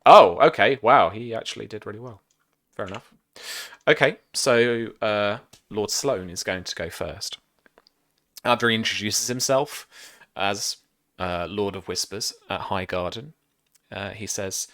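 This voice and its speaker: A man's voice: on the low side, a little slow, a bit bright. A man narrating as game master of a tabletop role-playing game, rambling and hesitant. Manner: rambling, hesitant, many fillers.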